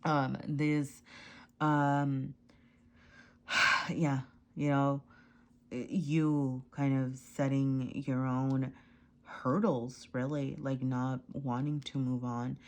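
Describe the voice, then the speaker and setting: Low-voiced woman rambling through a tarot reading. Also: level tone, very slow, pauses often. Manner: rambling, heavy on fillers and "right?"; laughs often and apologizes. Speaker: tarot reader. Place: at home with a cat.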